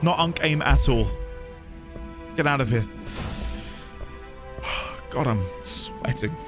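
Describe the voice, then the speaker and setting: A British man streaming a video game, chatting to viewers in an animated, self-mocking way. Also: mid-range voice. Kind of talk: gaming commentary.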